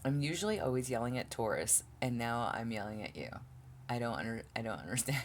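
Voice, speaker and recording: A woman with a very deep, low voice gives a casual tarot reading straight to camera. She talks bluntly and with exasperation, swears freely, and trips over her own sentences. A faint hiss sits under the recording. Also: animated, brisk. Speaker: tarot reader.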